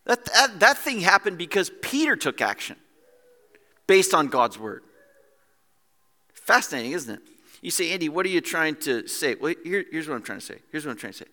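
A man preaching a sermon as pastor, animated and acting out scenes in different voices, in a church hall. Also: fairly high pitch, normal speed, pauses often.

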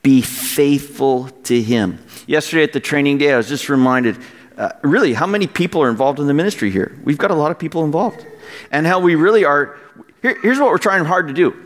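A man preaching as pastor, passionate and at times near yelling, quoting scripture and urging his congregation. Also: a little high, animated, brisk, long reverb tail. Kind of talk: sermon.

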